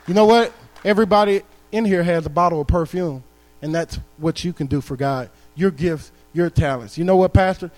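A man's voice: fairly high pitch, moderate pace, a little mellow. A man preaching a sermon in a church, building to emphatic calls to the congregation. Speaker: guest preacher. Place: church sanctuary.

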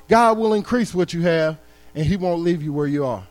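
A man's voice: sits high, fairly even intonation, moderate pace. A man preaching a sermon in a church, building to emphatic calls to the congregation. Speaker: guest preacher. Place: church sanctuary.

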